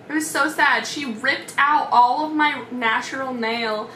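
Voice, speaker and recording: A woman's voice: a little high, sharp tone, a little hiss or hum. A young woman telling a storytime vlog in a chatty, dramatic way, full of "like" fillers. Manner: chatty, dramatic, many "like" fillers, mimics voices. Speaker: vlogger. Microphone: camera mic. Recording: echoey room, slightly far from mic.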